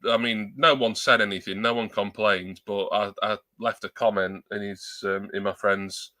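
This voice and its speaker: A man's voice: fairly low pitch, fairly even intonation, normal speed, bright, forceful tone, no room sound. A man chatting casually on a live stream through a new external desk mic at his laptop, rambling and joking at his own expense. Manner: rambling, self-deprecating, joking.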